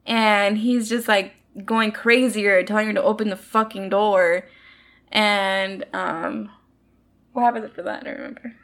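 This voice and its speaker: A woman in casual chat about a movie, animated, swearing freely and acting out lines from it. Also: medium pitch, measured pace. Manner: animated, swears, acts out quotes.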